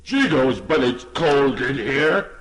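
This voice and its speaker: A man's voice: medium pitch, animated, takes it slowly, crowd noise, poor audio. Man doing a stuffy frozen horse. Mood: chilled. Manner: stuffy, chilled, polite. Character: kindly male horse, frozen and stuffy-nosed.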